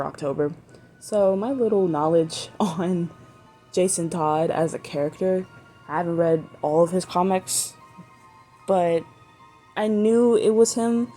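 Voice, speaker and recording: Rambling woman with a dark, mellow voice. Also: on the low side. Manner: rambling, swears freely, trails off mid-sentence. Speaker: vlogger. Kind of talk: casual rambling chat.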